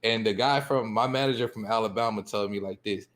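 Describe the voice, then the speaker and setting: A man's voice: fairly low pitch, fairly quick, a bit bright. A man with a Southern US accent, talking in a rambling, laid-back way as a guest on a casual podcast discussion.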